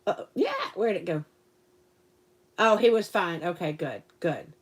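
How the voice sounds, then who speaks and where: A woman's voice: fairly low pitch, animated, measured pace, slightly rough. A woman chatting casually to a live stream audience, giggly and rambling. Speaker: livestream host and teacher.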